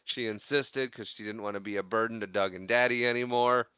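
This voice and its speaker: Podcast co-host, male, bright crisp voice, dry close mic, chatty movie recap with quick put-on voices for characters. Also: on the low side, steady tone, no room sound. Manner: acts out characters' lines in exaggerated voices while recapping. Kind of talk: casual movie recap chat.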